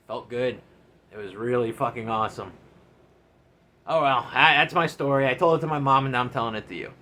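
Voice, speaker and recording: A man, a former enlisted soldier, telling a story from his service days in a casual, animated, profane way. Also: mid-range voice, fairly quick.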